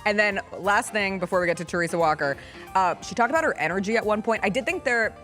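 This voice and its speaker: Animated woman host on a sports show. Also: fairly low pitch. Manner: animated, laughing, quick asides. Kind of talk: casual studio chat.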